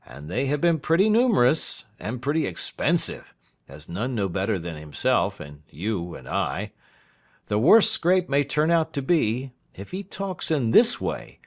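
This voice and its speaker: A man voicing a dry, shrewd, whimsical male lawyer who is quick with pointed questions. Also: medium pitch, very animated, voice pushed up. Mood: grave.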